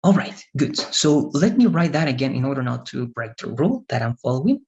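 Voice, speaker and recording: A man's voice: medium pitch, sing-song, a little fast, creaky, darkish tone, muffled recording, a little hiss or hum. A man teaching an English grammar lesson in an online class, patient and repetitive, often checking in with "right?".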